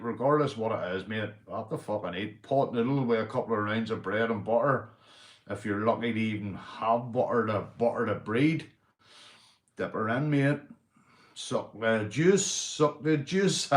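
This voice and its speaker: A Northern Irish man on a casual livestream, drinking beer as he talks, swinging from loud shout-outs to low, gruff muttering and swearing freely. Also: reverberant.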